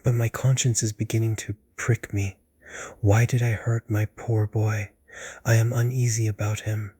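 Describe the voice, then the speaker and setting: A man voicing a vain, doting aging actress in a breathy whispered role-play. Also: lowish voice, flat delivery, moderate pace, mellow, no room sound.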